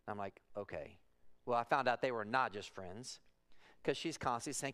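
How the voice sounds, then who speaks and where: A man in his forties preaching a sermon in a church, telling personal stories in a conversational way that moves from soft to emphatic. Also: mid-range voice, animated, moderate pace. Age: 40s. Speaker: pastor. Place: church sanctuary.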